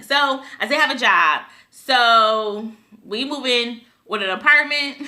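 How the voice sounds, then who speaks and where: With a fairly high, pushed and bright voice, a young Buffalo, New York vlogger shares a casual storytime with her viewers. She gets chatty and emotional and keeps addressing them as "y'all."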